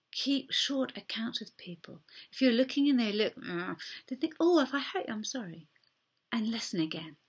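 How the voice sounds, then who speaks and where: A woman preaching a sermon in a gentle, conversational way, often dropping her voice almost to a whisper. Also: a little high, breathy edge.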